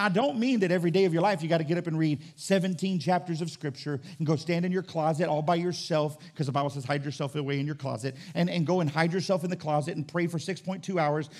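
A pastor preaching with a raised, gravelly voice, sitting high for a man. He moves from quiet reflection to soaring emphasis and voices imagined conversations along the way. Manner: preaching with rising intensity, acting out dialogue with God. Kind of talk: sermon.

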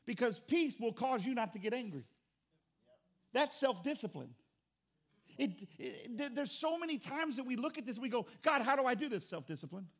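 A pastor preaching a sermon, animated and acting out little dialogues, moving from loud bursts to quiet, low reflection. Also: male voice, normal speed. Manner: animated, acts out voices and dialogue. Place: church sanctuary.

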